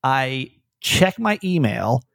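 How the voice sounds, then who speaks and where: A man hosting a podcast, talking in a rambling, self-deprecating way and telling animated stories. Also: mid-range voice, slow pace, creaky, no echo, studio quality. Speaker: podcast host. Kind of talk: casual podcast chat.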